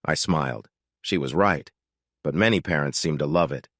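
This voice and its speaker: Give me a man with a low voice narrating a story steadily, recorded dry and close. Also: moderate pace, a bit bright, dry recording. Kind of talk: scripted first-person story narration.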